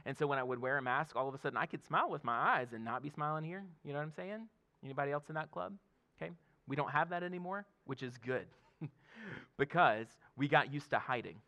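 A pastor in his thirties delivers a sermon in a relaxed, talky way, often laughing and checking in with the room. His voice has a gravelly edge. It also carries a bright, forward tone. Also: on the high side, fast talker. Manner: conversational preaching with frequent laughs and "okay?" asides.

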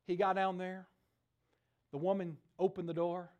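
A middle-aged man preaching a sermon, telling stories with lively acted-out voices. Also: sits high, normal speed. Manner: animated storytelling, acts out voices in the stories. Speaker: pastor.

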